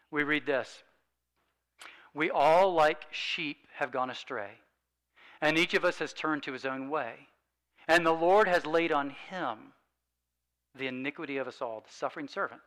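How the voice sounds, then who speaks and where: Guy giving a sermon, bright slightly high voice, earnest, slows down on scripture. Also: low-quality recording. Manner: earnest, emphatic, slows down for scripture, drops soft for key points. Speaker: preacher.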